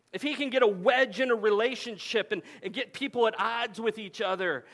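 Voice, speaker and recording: High-pitched guy preaching, chatty storytelling, keeps restarting his sentences. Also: a bit bright. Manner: conversational storytelling with frequent restarts. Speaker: pastor. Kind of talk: sermon. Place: camp meeting hall.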